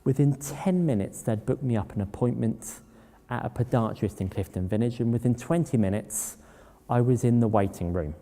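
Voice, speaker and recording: A public speaker gives a storytelling talk, sharing personal anecdotes in a plain-spoken way. He has a mid-range, mellow voice at a moderate pace, and the recording carries a long hall reverb.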